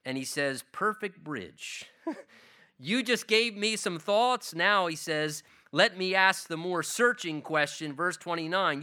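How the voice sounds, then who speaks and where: A man's voice: high voice, bright, forceful tone, smooth. A man, a pastor, preaching a sermon in an earnest, emphatic way.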